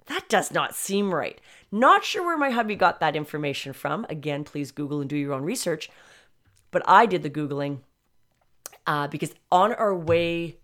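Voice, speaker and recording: A middle-aged woman talking casually to her viewers, rambling and emotional, often stopping to correct herself. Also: low-pitched. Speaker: dog owner sharing her story. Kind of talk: casual personal vlog.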